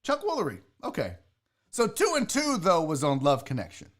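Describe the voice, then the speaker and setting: High, animated, foul-mouthed ranting man. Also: moderate pace. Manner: profane, ranting and heated. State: tipsy from drinking. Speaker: sports talk show host. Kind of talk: live sports talk show rant.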